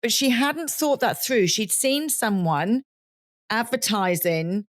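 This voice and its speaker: A woman's voice: on the high side, animated, takes it slowly, dry recording. A woman co-hosting a podcast in casual chat, laughing often and acting out the people she quotes with disbelief. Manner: laughs often, acts out quotes with incredulous emphasis. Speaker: podcast co-host.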